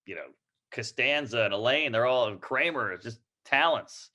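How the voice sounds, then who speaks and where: A man co-hosting a podcast, chatting casually with quick reactions and swearing. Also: medium pitch, lively intonation, sharp tone. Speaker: podcast co-host. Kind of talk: casual chat.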